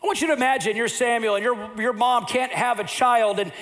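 Older male preacher, high voice, animated storyteller, sermon delivery. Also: fairly quick. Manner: animated storyteller who acts out scenes. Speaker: pastor.

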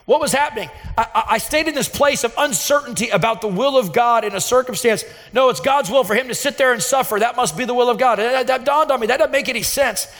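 A man's voice: very high voice, fast, few pauses, fairly bright tone. A man preaching a sermon as pastor, earnest and emphatic, telling a personal story with fervent intensity. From Texas, USA. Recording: reverberant hall sound.

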